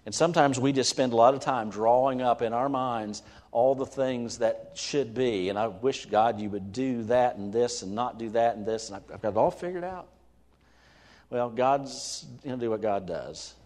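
A man's voice: medium pitch, moderate pace, few pauses, a little mellow. A man preaching a sermon. He puts questions to his listeners and reads scripture aloud with rising fervor. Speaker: pastor. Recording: long hall reverb.

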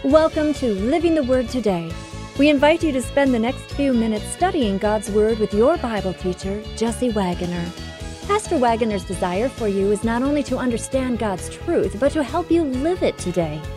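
A woman announces a radio Bible program in a smooth, evenly paced scripted read. Music plays clearly under her voice, which sits a little high. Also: lively intonation, normal speed. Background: music bed.

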